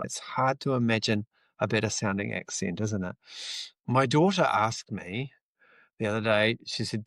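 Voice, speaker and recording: A man's voice: mid-range voice, lively intonation, normal speed, vocal fry, a bit bright, dry recording. A middle-aged man from New Zealand with a New Zealand accent, giving an earnest, reflective motivational talk on a live stream, with the odd casual swear. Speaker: livestream host.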